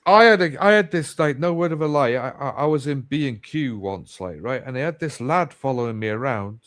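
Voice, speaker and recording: Lively man with a bouncing pitch. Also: brisk. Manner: excitable anecdote teller, swears, laughs. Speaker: panel guest. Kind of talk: casual chat. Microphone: video call panel.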